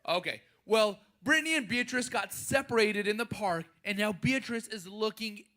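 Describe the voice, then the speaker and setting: A man telling a story to children at a church program in a playful, animated way. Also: high voice, moderate pace.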